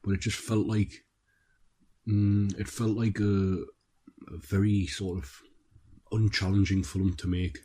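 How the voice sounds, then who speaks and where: Low flat guy on a film podcast, lots of ums, measured. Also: slightly rough, dry recording. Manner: measured, hesitant with many ums. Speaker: podcast co-host, film critic. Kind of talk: casual film discussion.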